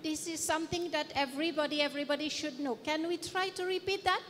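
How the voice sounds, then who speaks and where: A woman's voice: high-pitched, steady tone, fast, a bit bright, slight background noise. A woman from France with a French accent, giving a playful interactive lecture and quizzing her audience. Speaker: guest lecturer. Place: conference hall. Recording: reverberant hall.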